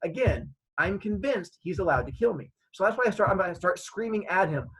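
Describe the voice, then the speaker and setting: A man's voice: high voice, very animated, fairly quick, a bit bright, breathy edge, low-quality recording. A man telling a funny story from his childhood, acting out the scenes. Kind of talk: comedic personal storytelling.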